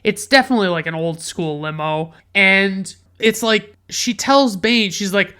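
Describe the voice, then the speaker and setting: A man's voice: high voice, moderate pace, hardly any pauses, bright, forceful tone, clean tone. A man giving a casual, rambling movie review, full of curse words and "like" and "you know," sounding incredulous and sarcastic. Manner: rambling, profane, heavy use of "like" and "you know".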